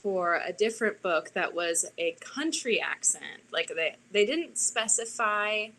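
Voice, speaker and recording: Bright-voiced woman audiobook narrator. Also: medium pitch, unhurried, low-quality recording. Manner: relaxed, chatty, with restarts and soft laughs. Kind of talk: casual conversation.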